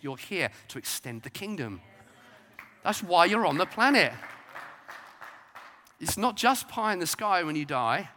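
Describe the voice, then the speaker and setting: A man preaching a sermon, emphatic, rising to loud declarations and dropping to soft asides. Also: high-pitched. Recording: long hall reverb.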